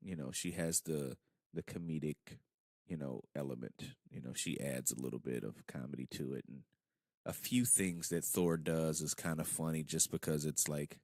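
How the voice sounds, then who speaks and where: Low gravelly man, casual podcast chat. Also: normal speed, dry recording, studio quality. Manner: relaxed, profane, trailing off quieter at phrase ends. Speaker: podcast co-host.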